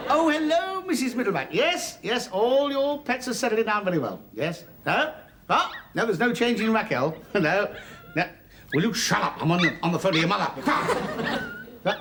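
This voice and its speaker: A blustering middle-aged husband in a TV sitcom, forever flustered and stammering in protest. His voice leaps up and down wildly. A loud, noisy studio track sits behind him. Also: high voice. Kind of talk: 1980s British sitcom acting. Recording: TV studio with loud noise and audience laughter.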